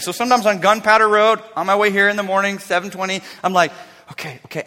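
A man in his fifties preaching a sermon as pastor, swinging from loud emphatic lines to hushed, near-whispered asides. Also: high-pitched, fast talker, big-room sound. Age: 50s.

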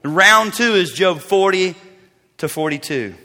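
A man preaching a sermon, telling stories with dramatic swings between loud bursts and hushed asides. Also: high voice, animated, measured pace. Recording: long reverb of a large hall.

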